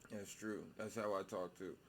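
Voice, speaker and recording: A young man hosting a reaction video, talking in a slow, stoned-sounding drawl and rambling bluntly with plenty of swearing. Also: fairly low pitch, level tone, noisy background. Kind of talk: casual profane commentary.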